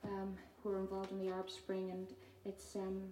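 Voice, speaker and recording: A woman, a poet giving a measured reading of her own poems with hesitant spoken asides between them. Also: mid-range voice, completely flat delivery, dark tone, a little hiss or hum. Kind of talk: poetry reading. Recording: roomy hall from far off.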